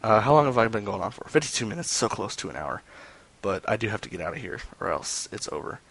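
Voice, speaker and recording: A man's voice: lowish voice, sing-song, quick pace, a bit bright. A man chatting casually to his stream viewers, rambling and swearing with lots of fillers. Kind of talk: casual chat.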